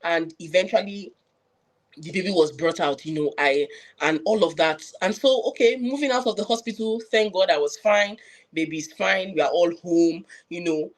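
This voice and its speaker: At moderate speed and fairly low pitch, a Nigerian-accented woman who works in public health shares a personal account on a live panel. Her delivery is earnest and reflective, full of restarts and "you know" fillers.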